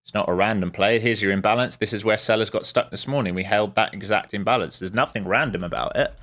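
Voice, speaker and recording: A man's voice: lowish voice, fast talker, fairly bright tone. A man streaming live as a day trader, giving casual, wry commentary with muttered asides to his viewers.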